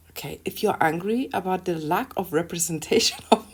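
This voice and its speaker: A woman's voice: medium pitch, lively intonation, a little fast, hardly any pauses, a little mellow, slightly rough. A woman vlogger ranting casually to camera, sarcastic and profane, with bursts of laughter between points.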